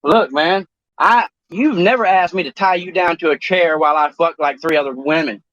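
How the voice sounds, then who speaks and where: Swearing freely, this man stumbles and restarts his way through crude talk show banter. He has a fairly bright voice that sits slightly high for a man. The audio is dry and dull, like a cheap microphone, with no echo.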